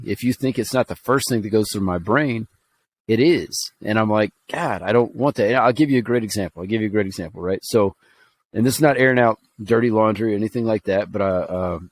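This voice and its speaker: A man's voice: lowish voice, a little hiss or hum. A man from Alabama telling a personal story on a podcast, earnest and rambling, with fillers and restarts. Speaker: podcast co-host.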